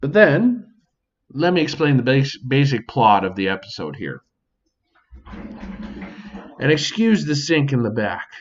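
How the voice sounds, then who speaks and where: A man's voice: medium pitch, sing-song, measured pace, long pauses, lo-fi sound, slight background noise. A man hosting a casual solo podcast, swearing freely and speaking to an imagined audience, recorded at home. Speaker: podcast host. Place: home near a sink.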